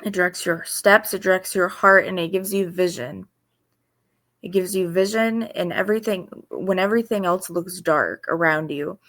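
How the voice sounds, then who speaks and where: A woman giving informal devotional teaching in an earnest, halting way, with pauses and restarts. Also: on the low side, a bit bright. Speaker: faith video host.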